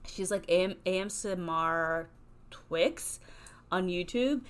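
A woman's voice: fairly low pitch, takes it slowly, smooth. A woman co-hosts a podcast in easy, casual chat. She rambles and rants, her sentences peppered with fillers and restarts. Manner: chatty, ranting, lots of fillers. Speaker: podcast co-host.

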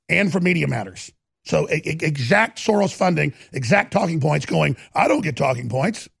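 Gravelly high-pitched ranting man. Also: dry recording, studio quality. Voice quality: gravelly, raspy. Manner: ranting, emphatic, stammers and repeats words. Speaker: talk show host. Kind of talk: impassioned monologue.

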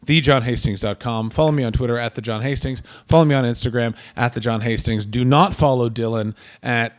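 A man's voice: medium pitch, fairly quick. A man who does stand-up, co-hosting a casual podcast and telling crude, rambling stories. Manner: chatty, crude, rambling storyteller. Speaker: podcast co-host, stand-up comedian.

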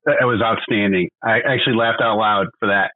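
A man's voice: on the low side, steady tone, no echo. A man calling in to a podcast, talking enthusiastically. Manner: enthusiastic, fast. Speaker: caller. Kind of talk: phone-in chat. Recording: tinny dry phone line.

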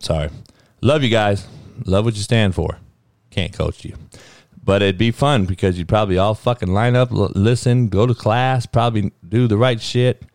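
A man's voice: lowish voice, dry recording, studio quality. A middle-aged man from Compton, a football coach hosting his own show, ranting bluntly with heavy swearing. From Compton, California. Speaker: football coach and podcast host. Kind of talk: profane ranting monologue.

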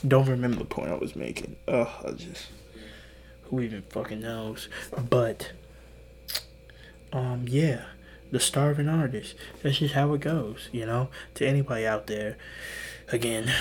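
A tired young man hosting a solo podcast, talking in a hushed, half-whispered way, rambling and swearing with little laughs. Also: medium pitch, a little hiss or hum. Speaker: podcast host. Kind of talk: solo late-night podcast monologue.

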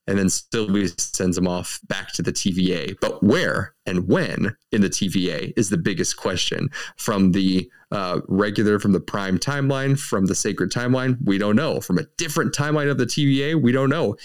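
Guy with a lowish voice chatting thru a tv recap, lots of ums and restarts. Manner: rambling, many fillers and restarts. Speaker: podcast co-host. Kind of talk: casual recap chat.

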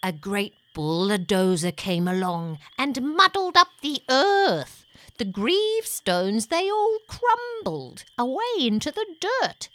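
A woman voicing a playful, mud-loving young female ghost creature in a sing-song, squeaky storybook voice. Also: very animated, slow pace, a bit bright, dry recording, heavily acted. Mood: spooky. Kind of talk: storybook audio reading.

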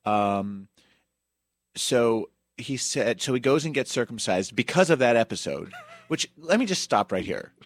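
Brief: chatty male podcast host, mid pitch, dry close mic. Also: sing-song, a little slow, dry recording. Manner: chatty, with asides and fillers. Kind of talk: casual podcast storytelling.

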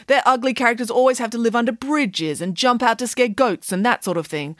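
A woman's voice: on the low side, no echo, clean studio sound. A woman voicing a bossy, boastful female pig nanny with a confident, indignant way of telling stories. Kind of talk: audiobook character voice.

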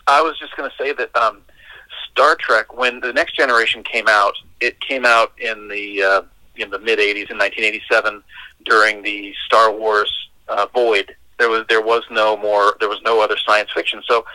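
A middle-aged man joining a podcast as a guest, talking casually in a measured, reminiscing way. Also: fairly low pitch, level tone, pushed and bright, no echo, poor audio. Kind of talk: casual chat.

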